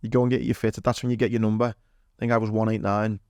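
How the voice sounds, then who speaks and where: A man's voice: lowish voice, little pitch movement, fast talker, darkish tone, no echo. A man with a Liverpool accent, a podcast guest rambling through an anecdote with plenty of fillers. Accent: Liverpool (Scouse). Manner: rambling anecdotal telling with fillers and acted quotes. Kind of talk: casual storytelling chat.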